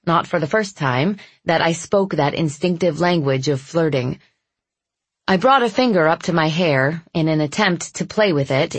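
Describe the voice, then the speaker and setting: A woman giving steady first-person narration of a novel in an even storytelling manner. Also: sits low, husky, no echo. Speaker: audiobook narrator.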